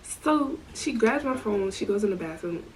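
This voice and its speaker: A woman telling a storytime vlog in a casual, animated way, full of slang and asides. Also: mid-range voice, normal speed, a little hiss or hum, low-quality recording. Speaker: storytime vlogger.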